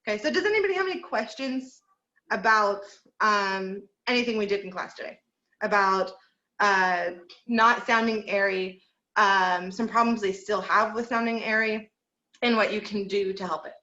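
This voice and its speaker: A woman's voice: mid-range voice, moderate pace, pushed and bright, roomy sound, lo-fi sound. A woman teaching an online group singing lesson, encouraging her students and counting through number drills. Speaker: vocal teacher.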